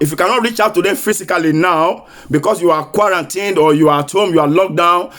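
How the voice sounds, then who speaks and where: A man's voice: high voice, fairly bright tone. A male pastor preaching a sermon, chanting repeated prophetic declarations and leading prayer.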